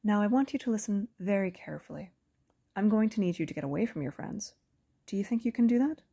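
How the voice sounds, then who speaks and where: A woman reading a soft-voiced, smiling female hunter. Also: medium pitch, lively intonation, vocal fry, breathy edge, pitched above the performer's own voice. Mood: calmly menacing. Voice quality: soft pleasant alto. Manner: quick, light, friendly, amused, menacing. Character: cold, calculating female hunter, adult. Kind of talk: audiobook character reading.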